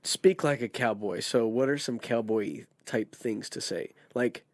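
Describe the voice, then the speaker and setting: A man's voice: medium pitch, unhurried, no room sound. Jokey man, dry close sound. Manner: jokey, leads the segments. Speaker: podcast co-host. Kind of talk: casual chat.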